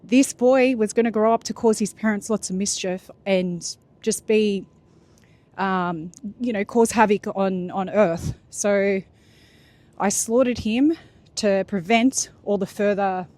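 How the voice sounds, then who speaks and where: A woman's voice: medium pitch, measured pace, a little mellow. Casual chatty woman telling a story. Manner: chatty, loose, many fillers and restarts. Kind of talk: casual spoken retelling of a religious story.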